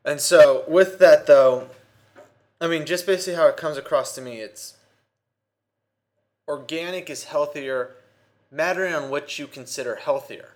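A man's voice: a little high, moderate pace, pauses often, darkish tone. A man co-hosting a casual talk show, easygoing and joking, hedging his points with filler words. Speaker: podcast co-host. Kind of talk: casual chat.

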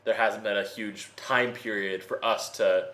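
A man's voice: fairly low pitch, steady tone, measured pace, sharp tone. A man co-hosting a casual talk show, eagerly listing facts and often restarting his sentences. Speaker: podcast co-host. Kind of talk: casual chat.

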